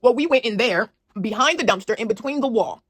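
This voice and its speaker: A young woman casually telling a wild personal story to her viewers, animated and slangy. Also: on the high side, brisk, breathy edge, dry recording. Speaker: storyteller vlogger.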